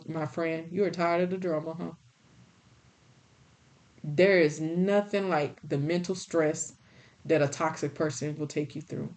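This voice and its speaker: A woman giving a spiritual tarot reading in a blunt, folksy, scolding way. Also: on the low side. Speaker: tarot reader.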